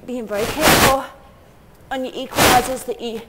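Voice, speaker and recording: High-pitched woman fitness coach working out as she talks, calling out moves and counts, a bit breathless. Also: steady tone, moderate pace, very noisy. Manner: counts reps and cues moves while exercising. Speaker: fitness instructor.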